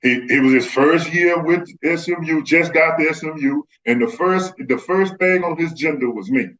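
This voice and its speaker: A man in his fifties spins stories in a relaxed chat, his voice sitting a little high. The audio is slightly muffled and dull. He slips into the voices of the people he quotes. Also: normal speed. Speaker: guest, former pro basketball player. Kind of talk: casual storytelling.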